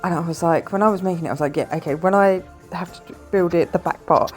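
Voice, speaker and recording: A woman chatting quietly and enthusiastically as she talks through a building video. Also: fairly low pitch, fast, faint music behind. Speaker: Lego building vlogger. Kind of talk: casual chat over a build video.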